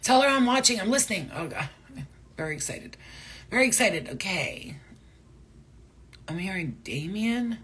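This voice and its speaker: A woman giving a casual spiritual reading to her viewers, talking in a rambling, excitable and profane way. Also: medium pitch, normal speed, pauses often, slightly rough. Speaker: spiritual reader.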